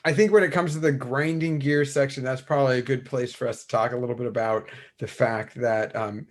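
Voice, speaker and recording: A man co-hosting a podcast in casual chat, animated and rambling, swearing casually as he talks. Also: mid-range voice, brisk. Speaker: podcast co-host. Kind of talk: casual chat about tabletop wargaming.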